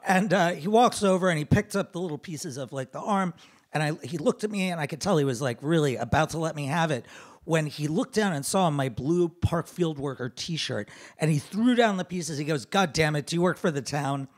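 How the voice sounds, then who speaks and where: A man telling a funny personal story on a theater stage, animated and self-deprecating, into a stage microphone. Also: a little high, normal speed. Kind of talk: live comic storytelling.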